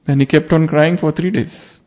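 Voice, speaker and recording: A man's voice: on the high side, steady tone, normal speed. A man giving a reflective spiritual sermon, asking his listeners searching questions. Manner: earnest, reflective, poses rhetorical questions. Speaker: spiritual teacher. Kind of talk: sermon with parable. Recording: muffled lo-fi recording.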